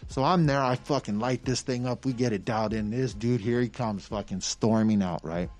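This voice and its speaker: A man spins a profane, lively yarn in a relaxed chat. He swears freely and acts out each quote as he goes. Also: medium pitch, moderate pace. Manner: profane, animated storyteller who acts out quotes. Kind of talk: casual storytelling chat.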